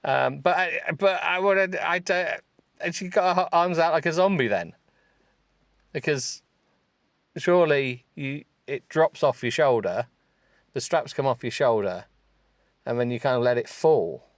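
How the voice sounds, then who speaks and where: A male podcast host reading a text aloud for comedy, stopping to mock it with sarcastic asides and breaking into high giggles. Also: measured pace, pauses often, no echo, studio quality. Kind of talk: comic reading with running commentary.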